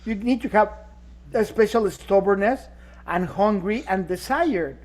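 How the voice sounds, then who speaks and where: A man's voice: high voice, unhurried, darkish tone. An emphatic man co-hosting a casual podcast conversation. He presses his points with rhetorical questions and now and then stops to search for a word. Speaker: podcast co-host. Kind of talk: casual chat.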